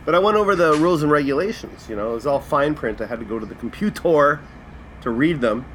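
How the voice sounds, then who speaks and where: A man's voice: on the high side, expressive, quick pace, a bit bright, slight background noise. Profane ranting male podcast host. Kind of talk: casual comedic podcast rant.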